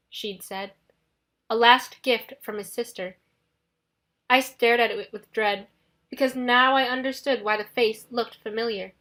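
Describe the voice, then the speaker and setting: A woman narrating an audiobook in the first person, in a steady, dramatic storytelling manner. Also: on the high side.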